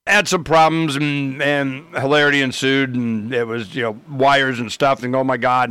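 Man, casual rambling story, mid pitch, acts out quotes, dry close sound. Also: no room sound. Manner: rambling, animated, acts out both sides of conversations.

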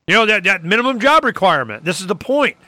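A man hosting a casual political talk show, rambling and sarcastic with animated asides. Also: high-pitched, quick pace, no room sound. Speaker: host.

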